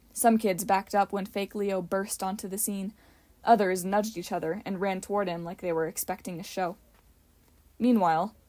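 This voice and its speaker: A woman's voice: mid-range voice, a little mellow. Woman reading a novel aloud. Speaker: audiobook narrator. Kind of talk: amateur audiobook narration.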